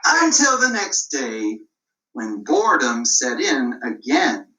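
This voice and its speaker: A woman telling a storybook tale in an animated way as a puppeteer. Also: a bass voice, takes it slowly, roomy sound, distant mic, rough recording. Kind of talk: storybook narration for a puppet show.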